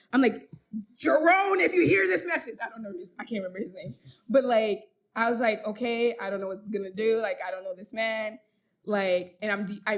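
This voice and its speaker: Casting: young woman, podcast co-host, lively storyteller, a bit high, laughs a lot. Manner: animated, laughs often, acts out others' lines. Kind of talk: casual storytelling chat.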